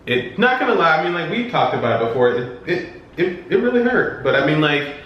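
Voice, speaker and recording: A man's voice: on the high side, big pitch swings, fairly quick, highs cut off. A young man vlogger in a casual chat, laid-back and mostly giving short agreeing replies. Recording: echoey room with faint hiss.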